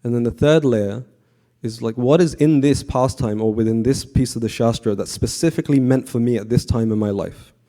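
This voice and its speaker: A man giving a conversational devotional class to a temple audience, often asking the audience questions and pausing with fillers. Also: medium pitch. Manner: frequent fillers and restarts, relaxed.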